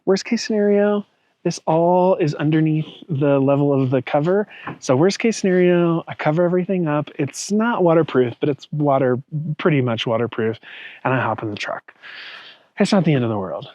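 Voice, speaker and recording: Camping outdoors in a truck bed, a man records a chatty, casual vlog full of self-mockery and laughter at his own expense. His voice is a little high and darkish in tone at a normal speed, and the audio is dull with no room sound.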